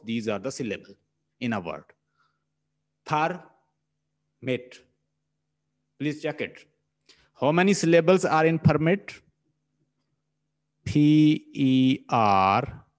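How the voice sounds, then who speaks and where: Here a mid-range, slightly mellow male voice with a Pakistani English accent leads a linguistics class lecture, restating points and spelling out words by syllable.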